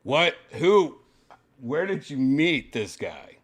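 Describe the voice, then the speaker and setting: A man's voice: mid-range voice, sing-song, takes it slowly. A man hosting a podcast, giving casual, exasperated reaction commentary and swearing often. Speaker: podcast host.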